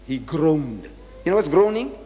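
Animated male lecturer in an echoey hall. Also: on the high side, a little slow. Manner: animated, explaining verses with rhetorical questions. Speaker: religious lecturer. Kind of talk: religious lecture quoting scripture. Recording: echoey hall with long reverb.

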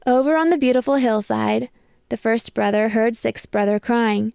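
A woman reads a picture book aloud in a measured, expressive way. Her voice is a little high, gravelly yet smooth, and recorded close and dry. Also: no echo. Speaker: storybook reader.

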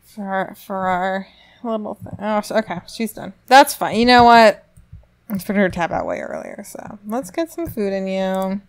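A woman's voice: medium pitch, big pitch swings, normal speed, vocal fry, darkish tone. A young adult woman giving casual commentary while she plays a life-simulation game, chatty and reacting aloud to what happens. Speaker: let's play gamer.

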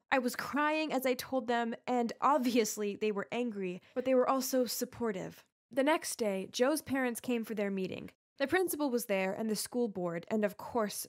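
A woman giving scripted first-person narration of an animated story in a confiding tone. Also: fairly high pitch.

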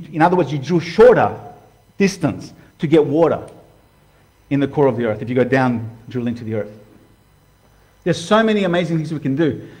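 A man preaching casually to his viewers, animated and direct, calling them "guys" and acting out quoted voices. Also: fairly high pitch. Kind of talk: casual sermon to camera.

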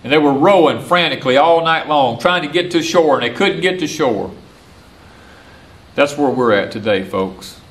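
Out on the porch, this older Southern homesteader and former preacher delivers an animated, folksy sermon that circles back over the same points. He speaks at a moderate pace in a fairly high-pitched voice.

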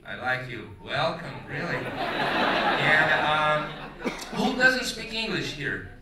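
A man from Brazil with a Brazilian Portuguese accent, emceeing a stand-up show in English, loud and brash, swearing freely and quizzing the audience. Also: on the high side, animated, slow, crowd noise. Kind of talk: stand-up crowd work. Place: theater stage with live audience. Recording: echoey theater, mic at a distance, audience audible.

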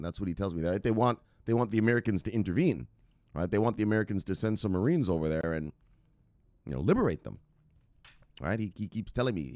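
A man's voice: fairly low pitch, animated, fast talker, a little mellow, dry recording. A man hosting a crypto news show, rambling casually with profanity and hype outbursts.

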